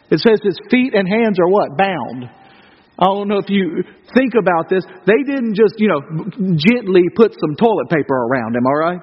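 American pastor guy preaching, high voice, big hall echo, kinda muffled. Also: animated, moderate pace. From United States. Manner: conversational, rhetorical questions, swings from loud to hushed. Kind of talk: sermon.

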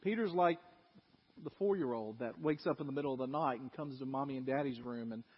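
A pastor preaching a sermon in animated storytelling style, acting out people's voices, recorded in a church with an echoey, dull lo-fi sound. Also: male voice, medium pitch, fairly quick, breathy edge.

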